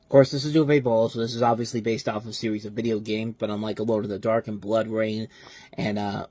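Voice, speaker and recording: A man's voice: on the low side, level tone, brisk, dark tone, no room sound. A man casually reviewing movies, rambling and often correcting himself mid-sentence. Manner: rambling, self-correcting, enthusiastic asides.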